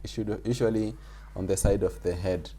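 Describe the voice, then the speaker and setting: A man's voice: on the low side, fairly even intonation, moderate pace, dark tone. A man teaching a music theory class over a video call, explaining patiently and repeating his points with small fillers. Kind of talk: online group class lesson.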